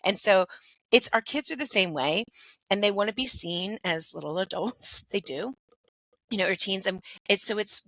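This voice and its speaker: A woman's voice: mid-range voice, lively intonation, moderate pace, fairly bright tone, no room sound, poor audio. A middle-aged woman, a pediatric occupational therapist, explaining things in a conversational interview, often adding "like" and "right?". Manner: explanatory, peppers speech with "like" and "right?".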